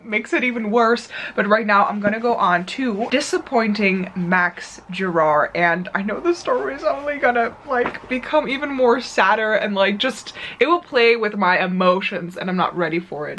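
A woman's voice: mid-range voice, a bit bright. Young woman, early twenties, book vlogger; gushy, emotional, laughs a lot. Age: 20s. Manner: gushing and emotional, laughs often. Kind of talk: casual reading vlog.

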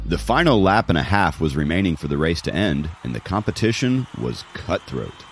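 Deep-voiced male audiobook narrator. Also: big pitch swings, normal speed, over music. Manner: dramatic storytelling. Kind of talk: scripted narration.

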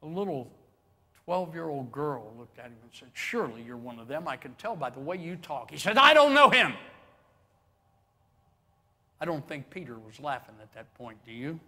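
A man's voice: medium pitch, expressive, brisk, hardly any pauses, fairly bright tone. A man preaching a sermon as pastor, telling stories animatedly and acting out the quotes with chuckles. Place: church sanctuary with long reverb.

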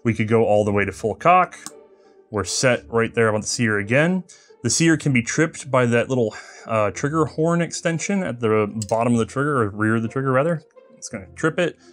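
A man's voice: medium pitch, animated, a little fast, a bit bright, faint music behind. Laughing man, chatty. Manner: joking, storytelling, laughs often. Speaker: co-host. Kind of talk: casual chat and firearm explanation.

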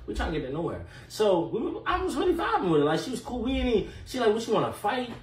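A man telling a casual storytime in an animated, slangy way full of fillers and profanity. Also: high voice, rapid-fire. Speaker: storyteller vlogger. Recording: echoey room, mic at a distance, faint noise.

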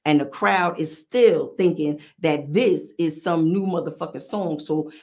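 A middle-aged woman with a New York accent, hosting a podcast and telling a story in a casual, animated, profane way. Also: low-pitched, unhurried. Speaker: podcast host.

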